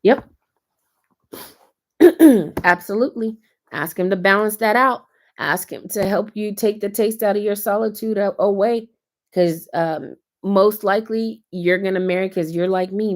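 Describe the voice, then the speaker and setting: A woman in her thirties or forties, hosting a casual live stream and giving earnest, preachy advice drawn from her own life. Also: on the low side. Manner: earnest, preachy, tells personal stories. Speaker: host of a faith-based live stream.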